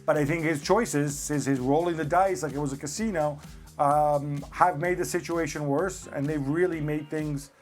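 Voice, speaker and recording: A man from Italy with a mid-Atlantic English accent, talking as a football pundit in measured, wry panel chat. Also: fairly high pitch, steady tone, faint music behind.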